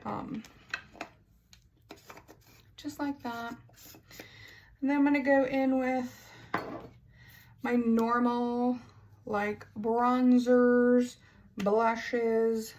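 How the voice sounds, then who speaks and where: A woman's voice: fairly high pitch, flat delivery, extremely slow, pauses often, a little mellow, slight background noise. A woman beauty vlogger chatting casually through a makeup tutorial, self-mocking and stumbling over words now and then.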